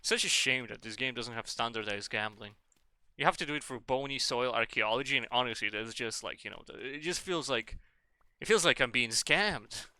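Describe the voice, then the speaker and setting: Playful streamer with a mixed Russian-English accent. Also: male voice, mid-range voice, normal speed, clear, resonant tone, no echo. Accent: mixed Russian, French and English. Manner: playful, rambling, bursts of excitement. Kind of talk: casual gameplay commentary.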